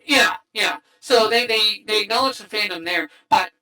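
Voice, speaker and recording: Bright-voiced excitable woman streamer. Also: mid-range voice, normal speed, poor audio. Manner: excitable, rambling with many restarts. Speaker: streamer host. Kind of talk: casual livestream movie chat.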